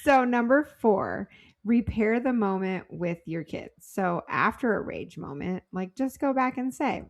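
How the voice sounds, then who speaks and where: A woman co-hosting a podcast, chatting casually with a gravelly, fry-edged voice at a middling pitch. She talks loosely and giggles often between thoughts. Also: lively intonation, unhurried. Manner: chatty and giggly, with loose filler-heavy phrasing. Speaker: podcast co-host. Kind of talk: casual conversational podcast chat.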